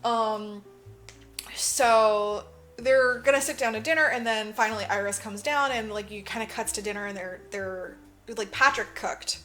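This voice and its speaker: A woman's voice: fairly high pitch, normal speed, fairly bright tone. A woman co-hosting a movie podcast, casually retelling a film with lots of laughs, swearing and acted-out lines. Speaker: podcast co-host. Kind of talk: casual movie recap chat.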